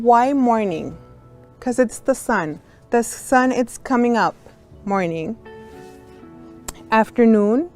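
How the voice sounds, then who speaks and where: Slow, patient woman teaching sign language. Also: on the high side, darkish tone. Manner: patient, explains step by step to young students.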